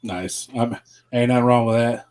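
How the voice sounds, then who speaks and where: A man's voice: medium pitch, fairly even intonation, a little mellow. Man, co-host, casual chat, short affirmations, chuckling. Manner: chuckling, quick affirming remarks.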